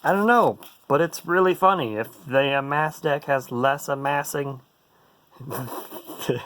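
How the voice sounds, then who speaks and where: In a slow, goofy ramble, a man who plays and hosts card games riffs on a playtest with plenty of jokes. His medium-pitched voice is a bit bright, and the recording is dry.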